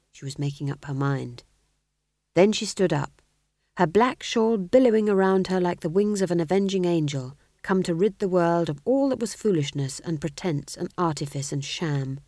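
A woman's voice: lowish voice, lively intonation, moderate pace, mellow, no room sound. A woman narrating an audiobook in a dry, wry storytelling manner.

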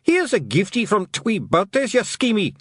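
A shrill wee Scottish fairy man. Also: animated, measured pace, dry recording, studio quality, exaggerated voice. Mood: belligerent. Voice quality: shrill, squawking. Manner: yelling, comic bird cheeps. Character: tiny wild Scottish fairy man, mock bird.

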